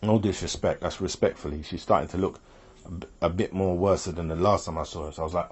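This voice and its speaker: A man's voice: deep voice, steady tone, fast, breathy edge. A man telling a personal story in a rambling, casual way, often repeating himself and quoting what others said.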